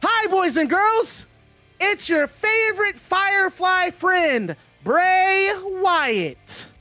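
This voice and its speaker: A man's voice: very high-pitched, animated, drawn-out words, bright, forceful tone, no room sound, soft background music, voice pushed up, heavily acted. A man voicing a grinning, creepy children's-show host who talks in a singsong, overly cheerful way. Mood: eerily cheerful.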